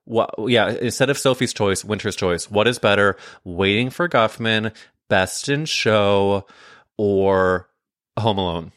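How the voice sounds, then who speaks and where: A man's voice: fairly low pitch, slow, fairly bright tone, no echo, studio quality. A man hosting a podcast in casual, playful chat, often laughing and acting out little scenes. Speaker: podcast host.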